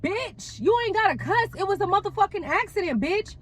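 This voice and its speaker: A woman's voice: extremely high pitch, lively intonation, a little fast, pitched above the performer's own voice. A woman acting out another woman driver who curses at her and insists it was an accident. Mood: irate. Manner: cursing, defensive, shouting. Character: irate cursing woman driver.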